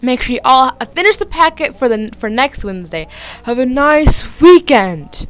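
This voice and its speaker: A woman's voice: high voice, very animated, moderate pace, clear, resonant tone, voice pushed up, low-quality recording. A young woman voicing a stern male schoolteacher with a droning, dismissive delivery.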